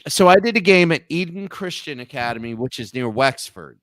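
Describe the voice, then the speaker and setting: A man's voice: a little high, fairly quick, no room sound. A man in his thirties tells a long, rambling story as a guest on a casual talk show, restarting his sentences as he goes. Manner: rambling, animated anecdote with restarts.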